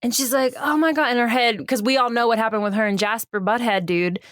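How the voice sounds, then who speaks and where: A woman's voice: on the high side, brisk, clean tone, dry recording, studio quality. Giggly woman acting out movie scenes. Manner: lively retelling that acts out characters' lines, laughing often. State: a bit tipsy. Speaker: podcast co-host. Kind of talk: casual chat recapping a movie.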